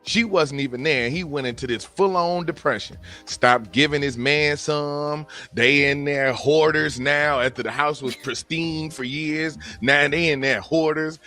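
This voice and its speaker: A man hosting a casual chat stream, arguing his point in an animated, slangy way. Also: on the high side, a little slow, few pauses, soft background music. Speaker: stream host.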